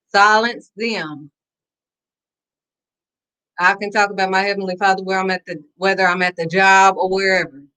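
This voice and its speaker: A bright, clear-toned woman speaking in an emphatic, preachy talk to camera. She is sassy and direct, and repeats her lines for effect. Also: lowish voice. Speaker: faith vlogger.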